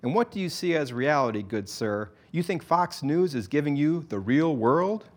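Brief: male narrator as preachy taunting activist, slogan-shouting ranter. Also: a little high, lively intonation, moderate pace, lightly acted. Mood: lecturing. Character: ranting male conspiracy activist with bullhorn.

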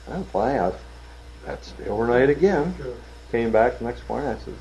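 A man's voice: medium pitch, sing-song, brisk, a crowd in the background, low-quality recording. An older man casually telling work anecdotes, acting out the people he quotes and laughing at his own punchlines. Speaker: interviewee telling stories. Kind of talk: casual storytelling.

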